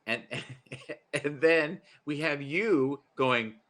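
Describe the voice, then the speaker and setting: A man's voice: on the high side, very slow, fairly bright tone. A man hosting a casual group livestream chat, telling stories animatedly and often laughing.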